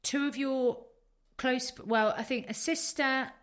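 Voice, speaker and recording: A woman's voice: high-pitched, steady tone, slow pace, a bit bright. A woman hosting a podcast, affirming and encouraging her guest in a supportive conversation. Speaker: podcast host. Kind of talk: supportive interview chat.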